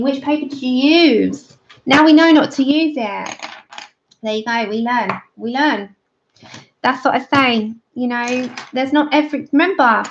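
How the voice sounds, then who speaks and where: A woman's voice: a little high, gravelly, slight background noise. A woman hosting a casual livestream, chatting and greeting viewers by name as she colours. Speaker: livestream host of a colouring channel. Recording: dull lo-fi stream audio.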